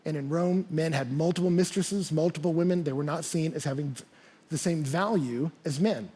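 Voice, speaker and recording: A man's voice: fairly high pitch, normal speed, dark tone, slightly rough. A man pastor preaching a sermon, telling stories animatedly and acting out the quotes.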